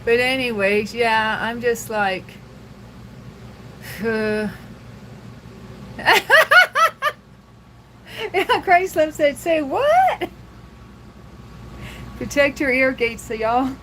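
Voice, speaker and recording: A woman's voice: on the high side, slow pace, fairly bright tone, slight background noise, poor audio. A young woman hosting a casual livestream, chatting loosely with viewers and laughing often. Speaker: livestream host.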